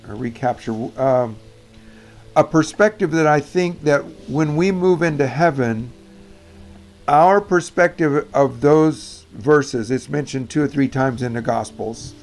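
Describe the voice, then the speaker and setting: A man giving an animated, emphatic Bible teaching on prayer, often correcting himself mid-sentence. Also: on the high side, a little slow, soft background music.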